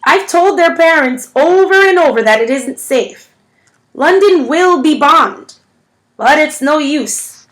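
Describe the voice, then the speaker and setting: A woman reading a story aloud, voicing a stern, commanding older woman who speaks crisply. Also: high voice, expressive, slow pace, voice pushed up.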